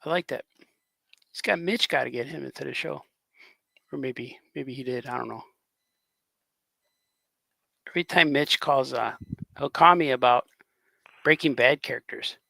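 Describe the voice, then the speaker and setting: A man's voice: medium pitch, normal speed, creaky, long pauses, sharp tone, no echo. A man, a cartoonist, chatting casually on a livestream, rambling and laughing often. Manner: rambling, laughs often, drops into grunting impressions. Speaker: cartoonist co-hosting a livestream chat. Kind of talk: casual chat.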